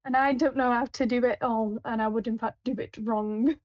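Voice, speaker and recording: A woman's voice: on the high side, fairly even intonation, moderate pace, dry recording. A woman working on supermarket tills, chatting casually with a rambling manner full of fillers and restarts. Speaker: supermarket till worker. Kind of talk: casual anecdotal chat. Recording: dull, lo-fi, dry.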